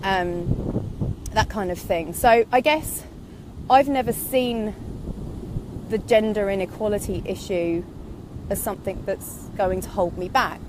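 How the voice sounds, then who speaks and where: A woman's voice: medium pitch, takes it slowly, pauses often. A woman in her thirties gives a casual, reflective monologue, rambling candidly from one thought to the next. She is slightly breathless from walking outdoors, with faint traffic noise in the background. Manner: candid, rambling, goes off on tangents. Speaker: online business vlogger.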